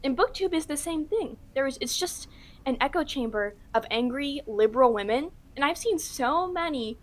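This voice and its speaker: A woman delivering an opinionated commentary in a brisk, assertive and dismissive manner. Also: high voice, expressive. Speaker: video commentator.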